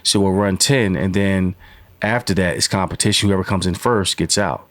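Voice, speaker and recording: A man's voice: low-pitched, moderate pace, fairly bright tone, dry recording. A man in his forties, a podcast guest, telling stories in a rambling way with many fillers. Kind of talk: casual storytelling interview.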